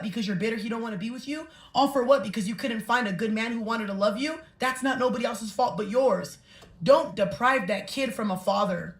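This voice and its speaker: A woman's voice: a little high, a bit bright. A woman giving an impassioned, indignant monologue to her viewers. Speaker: social media commenter. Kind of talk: emotional monologue. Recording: roomy echo.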